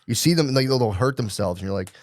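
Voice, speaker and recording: A man's voice: medium pitch, lively intonation, fast, dry recording, studio quality. A man co-hosting a podcast, telling stories in loose, profane casual chat and acting out his own inner voice. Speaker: podcast co-host.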